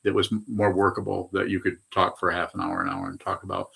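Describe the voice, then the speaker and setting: An older man in his eighties teaches meditation in a low, bright, forceful voice. He rambles through his answer, restarting and correcting himself as he goes. It sounds like an unhurried spiritual talk. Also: sing-song, creaky, slightly rough. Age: 80s. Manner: rambling, frequent hesitations and self-corrections. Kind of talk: dharma talk answering questions.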